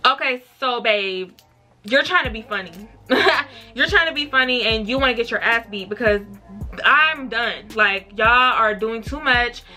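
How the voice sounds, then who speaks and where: A young woman vlogger telling a story in a blunt, profane and animated way. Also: a little high, unhurried, faint music behind. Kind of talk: casual storytime.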